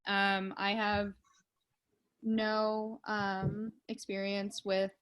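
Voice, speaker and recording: A shy woman firefighter hesitates through her introduction on a video call. Her voice is bright and sharp but stays flat. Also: medium pitch, drawn-out words, clear, resonant tone. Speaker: firefighter student. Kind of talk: self-introduction in an online class.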